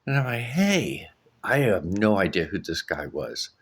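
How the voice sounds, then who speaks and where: A middle-aged man casually telling a story to his vlog, laughing often and acting out quoted shouts in a jumpy, excited voice. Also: normal speed. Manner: animated, laughing, acts out quoted shouts in a high voice. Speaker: vlogger.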